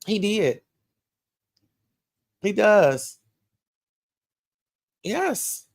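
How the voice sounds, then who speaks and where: Sassy Southern woman, livestream gossip host reading comments, animated and chatty. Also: low voice, a little slow. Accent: Southern US, Atlanta. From Atlanta, USA. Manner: sassy, animated, calls listeners child and baby.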